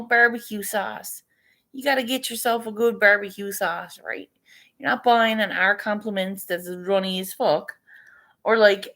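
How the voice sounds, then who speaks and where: Slow, chatty, swearing woman vlogger. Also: a little high, pushed and bright. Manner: chatty, swearing, laughs often. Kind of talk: casual morning chat.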